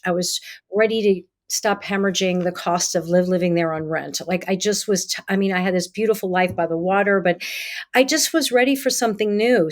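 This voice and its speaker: Middle-aged woman, interview guest and therapist; lively storyteller who acts out dialogue, mid-pitched. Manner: animated, acts out quoted dialogue. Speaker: guest psychotherapist.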